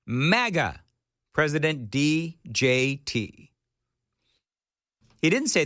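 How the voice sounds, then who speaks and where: A man's voice: mid-range voice, very animated, slow, pauses often, bright, forceful tone, no echo, clean studio sound. A man hosting a morning talk radio show, opinionated and joking. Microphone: studio mic.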